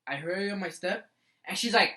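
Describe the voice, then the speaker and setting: A young man co-hosting a casual podcast, telling animated school stories full of "like" and "bro.". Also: sits high, fairly quick, rough recording. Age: young adult. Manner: animated storyteller, fills with "like" and "bro". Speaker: podcast co-host. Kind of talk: casual chat.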